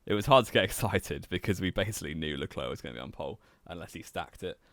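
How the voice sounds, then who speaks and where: Young man, low voice, dry teasing co-host, dead-dry close recording. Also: lively intonation, quick pace, fairly bright tone, dry recording. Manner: dry, teasing, laughs often. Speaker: podcast co-host. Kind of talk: casual chat.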